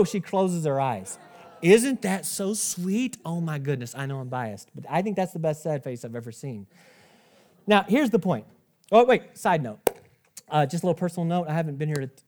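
A man in his thirties preaching a sermon, conversational and animated, often restarting and stepping aside to talk to the congregation. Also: mid-range voice, quick pace, slight background noise. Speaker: pastor.

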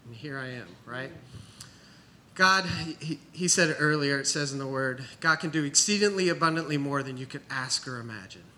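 A man's voice: medium pitch, expressive, normal speed, sharp tone, slight background noise. A man telling his story from the pulpit in a conversational, storytelling manner, quoting the people he talks about. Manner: storytelling, conversational, quotes others. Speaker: church planter pastor. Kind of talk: sermon testimony.

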